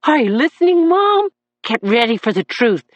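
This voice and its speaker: A man's voice: extremely high pitch, animated, takes it slowly, no room sound, highs cut off, pitched above the performer's own voice, full character voice. A woman voicing a distraught defendant in his thirties, a man whose voice warbles with emotion as he testifies. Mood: agitated. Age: 30s.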